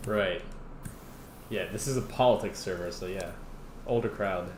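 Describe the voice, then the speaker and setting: A man's voice: sits low, normal speed, background noise. An American man in his thirties, laid-back and a little hesitant, hosting a casual online voice chat. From United States. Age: 30s. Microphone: online voice call. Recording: roomy echoing mic.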